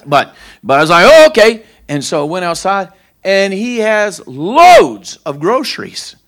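A middle-aged pastor delivering a sermon in a slightly high-pitched voice. He tells plain, homespun stories, circling back over his own phrases with loose, informal grammar. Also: sing-song, measured pace, vocal fry, a bit bright. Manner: folksy storytelling, repeats phrases.

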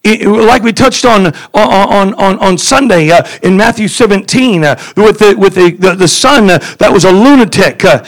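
A man preaching a fervent sermon, repeating himself and swinging from shouts to near-quiet asides. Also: high voice, normal speed, hardly any pauses, poor audio.

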